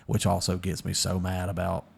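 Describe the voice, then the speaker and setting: A man's voice: low-pitched, moderate pace, gravelly, slightly rough. A man, a podcast guest telling stories in casual chat and acting out the voices of the people he quotes. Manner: animated storyteller, acts out quoted voices.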